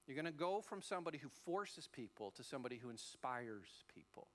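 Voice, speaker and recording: A man preaching a sermon as a pastor, telling the story in a lively way and acting out the voices. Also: mid-range voice, brisk. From Australia.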